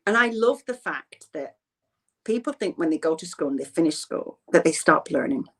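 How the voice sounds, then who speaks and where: Low-voiced woman telling her story. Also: expressive, moderate pace, fairly bright tone. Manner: earnest, rambling, repeats herself. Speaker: interviewee. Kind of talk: heartfelt personal storytelling.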